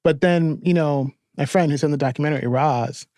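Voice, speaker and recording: A middle-aged man from New York tells stories on a podcast with plenty of swearing and quick bursts of laughter. His voice sits a little higher than most men's. The mic is close and the sound is dry, with no room behind it. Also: dry recording. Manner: animated, profane storytelling with frequent laughter. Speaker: podcast guest, therapist and filmmaker. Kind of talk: casual storytelling interview.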